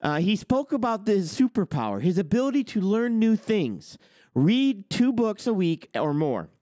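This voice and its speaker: Swearing, animated man in his forties. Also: sits high, normal speed, no echo, studio quality. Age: 40s. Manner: blunt, boastful, swears constantly. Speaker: host. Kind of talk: heated profane rant.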